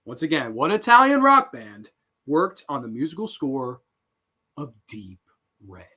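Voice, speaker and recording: A man hosting a live horror trivia stream, reading questions and reacting to chat answers with excitable, swearing banter. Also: on the high side, unhurried. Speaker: host.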